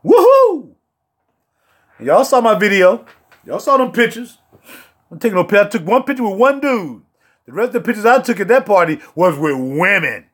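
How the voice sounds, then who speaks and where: Animated high-voiced man chatting on livestream. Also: fairly quick, slightly rough. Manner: animated and joking, with playful outbursts; slangy street talk. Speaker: fragrance reviewer and livestream host. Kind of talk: casual livestream chat.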